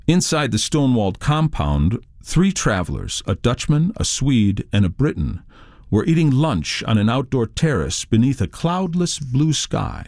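Measured male nonfiction narrator, lively pitch. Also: no echo, studio quality. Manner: measured, journalistic. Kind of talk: scripted nonfiction audiobook narration.

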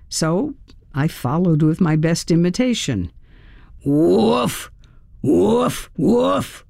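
A woman narrating a first-person audiobook in a measured, expressive, tense storytelling manner. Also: low-pitched, no echo, studio quality.

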